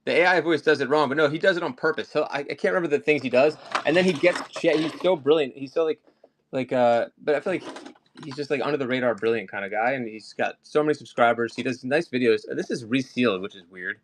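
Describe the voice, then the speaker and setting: A man's voice: medium pitch, quick pace, slight background noise. A man hosting a live collectibles sale, chatting casually and rambling off topic between items. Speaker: live-stream collectibles seller. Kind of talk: casual live-stream chat.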